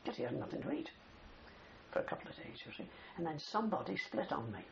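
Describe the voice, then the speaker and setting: Gravelly older man reminiscing. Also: a little high, huge pitch swings, fast talker. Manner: rambling storyteller with many "you see" tags. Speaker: interviewee, war veteran. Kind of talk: oral history reminiscence. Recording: dull older recording with faint hiss.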